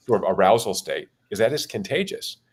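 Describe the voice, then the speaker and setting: A man's voice: lowish voice, sing-song, brisk, a little mellow, breathy edge. A man who gives keynote talks, explaining ideas in a casual panel conversation with bursts of energy. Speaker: keynote speaker and guest.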